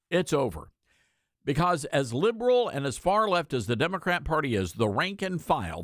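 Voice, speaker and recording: Animated, sarcastic male talk host. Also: on the high side, no echo, studio quality. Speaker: radio talk show host. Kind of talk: political talk commentary.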